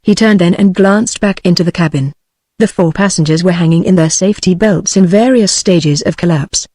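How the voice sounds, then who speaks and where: A text-to-speech woman's voice with a British English accent, reading an adventure novel aloud in an even, uniform way, voicing every character the same. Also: lowish voice, normal speed, no room sound. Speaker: audiobook narrator. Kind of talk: synthetic audiobook narration.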